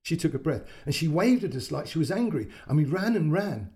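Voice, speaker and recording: A man voicing a wide-eyed little girl who speaks breathless and hushed in a storybook reading. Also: a little high, very animated, brisk, voice pushed up. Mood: awed.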